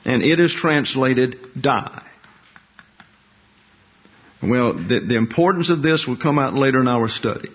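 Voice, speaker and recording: Man giving a deliberate Bible lesson, lo-fi. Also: mid-range voice, animated, husky. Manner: slow, deliberate, explanatory delivery, repeating key words for emphasis. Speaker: Bible teacher. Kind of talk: expository Bible teaching. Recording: dull lo-fi recording.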